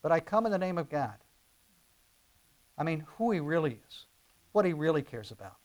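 A middle-aged man preaches in a loose, conversational sermon style. His voice sits fairly high for a man, and it rises into emphatic bursts. He often restarts his sentences mid-thought. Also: sing-song, moderate pace. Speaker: pastor.

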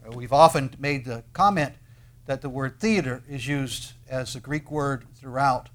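A man preaching a sermon in an earnest way, with dramatic pauses and swells of emphasis on key words. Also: mid-range voice. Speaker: pastor.

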